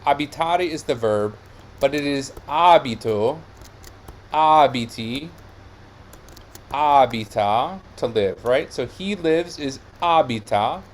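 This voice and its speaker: A man's voice: fairly high pitch, lively intonation, a little slow. A man teaching Italian diction in an online lesson, explaining step by step and checking in with "yeah?" and "right?".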